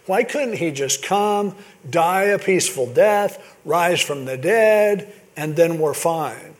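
A man's voice: a little high, lively intonation, takes it slowly. A male pastor giving a conversational, earnest sermon, building to emphatic questions.

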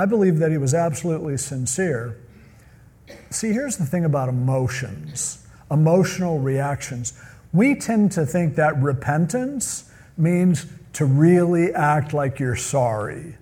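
A man's voice: fairly high pitch, warm tone, slightly rough. A man preaching a sermon in a conversational way, often acting out the people he quotes. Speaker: pastor.

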